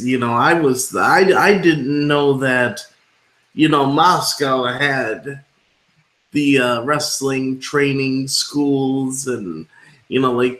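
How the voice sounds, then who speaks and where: A man's voice: mid-range voice, fairly bright tone. A man hosting a wrestling interview show, asking long rambling questions full of fillers. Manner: rambling, many fillers and restarts. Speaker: podcast host, interviewer. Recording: echoey room.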